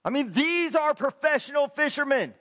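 A man with a very high speaking voice preaches a sermon in a church. He is emphatic and keeps throwing rhetorical questions at the congregation as he leads them through scripture. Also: expressive, normal speed, a bit bright. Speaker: pastor.

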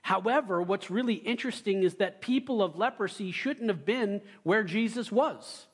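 A young adult male pastor giving a sermon, telling stories with loud excited bursts and quiet asides. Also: sits high, normal speed, husky.

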